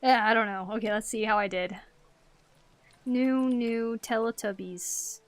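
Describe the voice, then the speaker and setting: Young woman, high-ish voice, giggly, chatty, live-stream drawing chat, desk mic. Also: fairly even intonation, a little slow, no echo. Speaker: art streamer.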